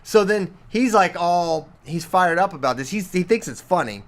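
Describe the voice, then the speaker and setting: A man in his thirties co-hosting a casual podcast chat, telling animated stories and mimicking his son's voice. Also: high voice, normal speed. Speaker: podcast co-host.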